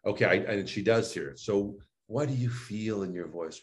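Low-voiced man acting out coaching talks. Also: moderate pace, few pauses. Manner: animated, acts out both sides of a coaching dialogue. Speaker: voice and speech coach. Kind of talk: interview, explaining coaching sessions.

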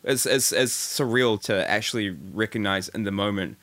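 NZ male podcast co-host, slightly low voice, effusive and enthusiastic, casual chat. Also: moderate pace, fairly bright tone. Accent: New Zealand.

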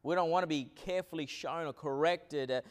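A man preaching a sermon as pastor, with many fillers, swinging between hushed low lines and loud acted quotes. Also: fairly quick.

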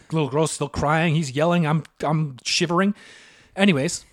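A man's voice: fairly high pitch, a little slow. A man co-hosting a podcast, telling stories in casual chat, swearing freely and laughing as he goes. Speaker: podcast co-host.

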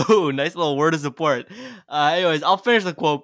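A man's voice: on the high side, normal speed, long pauses, a bit bright, dry recording, clean studio sound. A man co-hosting a casual podcast, blunt and profane, laughing often. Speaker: podcast co-host.

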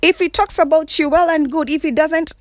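A woman giving a sassy, emphatic casual monologue from her bed, often clearing her throat and laughing. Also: high voice, steady tone, fairly quick, no echo. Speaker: vlogger. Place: in bed at home.

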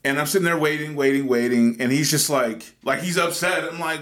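A man's voice: fairly high pitch, fairly quick, a bit bright. A man with a Boston accent, ranting in a casual, exasperated and profane way on a podcast.

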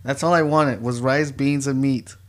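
A young man talks casually as a guest on a chat show. He tells his stories with animated energy, leaning on lots of "like" and "you know" as he goes. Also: medium pitch, normal speed. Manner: animated storyteller, many fillers.

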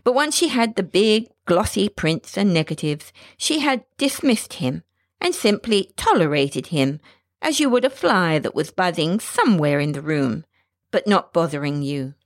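A woman reading a short story aloud in a measured, expressive way. Her voice sits slightly low. The recording is dry and close, with no room sound. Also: no echo. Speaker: narrator. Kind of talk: scripted story narration.

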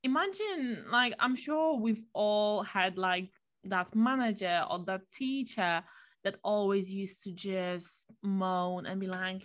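A woman's voice: mid-range voice, expressive, slow pace. A woman with a mid-range voice, reflective and chatty. She speaks casually and fills her sentences with "like" and "you know". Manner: reflective, chatty, many fillers. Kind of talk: casual conversation.

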